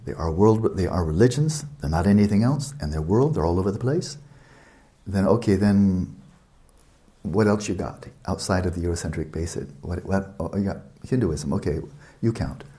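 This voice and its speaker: Male meditation teacher, lower register, mellow and relaxed tone; expansive, explanatory retreat-talk delivery with repetition and asides. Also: moderate pace. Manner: expansive, explanatory, repeats words for emphasis; conversational asides to listeners.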